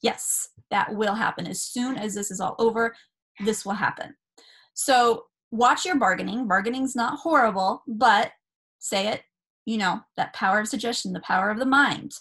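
A woman's voice: mid-range voice, normal speed, a bit bright, slightly rough. A woman in her thirties from Southern California, talking casually and earnestly about spiritual ideas to her camera, with many fillers and restarts. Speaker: spiritual vlogger.

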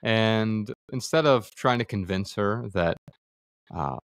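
Earnest man with a low voice. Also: slow, gravelly, clean tone, dry recording, studio quality. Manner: earnest, thoughtful, explains by example. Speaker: podcast guest. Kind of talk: reflective conversation.

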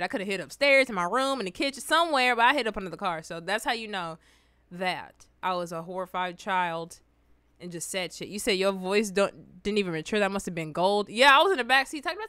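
A young adult woman hosting a reaction video, telling stories in an animated, slangy, exclamatory way. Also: medium pitch, fast, dry recording. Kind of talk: casual reaction commentary and storytelling.

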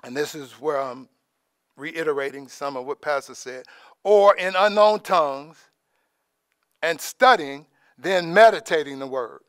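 High-voiced man preaching casually. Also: measured pace, clear, resonant tone, no echo, studio quality. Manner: conversational, exclaims praise asides, trails off softly. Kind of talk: informal sermon. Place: church in Alaska.

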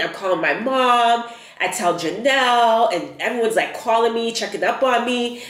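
A woman's voice: a little high, a little slow, roomy sound. A young woman vlogger telling a travel story in a casual, slangy way, acting out both sides of the conversation. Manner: animated retelling, acts out dialogue, slangy. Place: rented apartment room.

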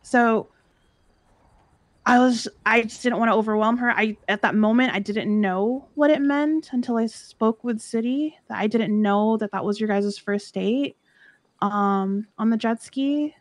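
Young woman, roleplay chat, earnest emotional retelling, fairly high voice, dry close sound. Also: measured pace, dry recording. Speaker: roleplay streamer.

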